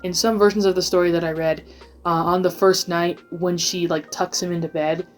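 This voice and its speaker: A woman's voice: on the low side, steady tone, moderate pace. A woman giving a rambling, casual video essay, full of filler words.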